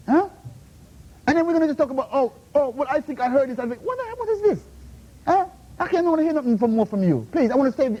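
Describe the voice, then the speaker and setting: Confronting a questioner in a university room, this invited Islamic speaker scolds him, keeps pressing with "Huh? How?", and weaves Arabic terms into English in a heated Q&A rebuttal. The pitch is extremely high with a warm tone, and the audio is muffled and lo-fi.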